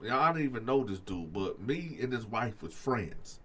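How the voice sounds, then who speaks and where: A man hosting a storytelling channel, telling a story to his viewers in a loose, slangy way and acting out both sides of the conversation. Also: moderate pace. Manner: animated, acts out both sides of a story with raised pitch for himself; loose slangy delivery, addresses viewers as y'all.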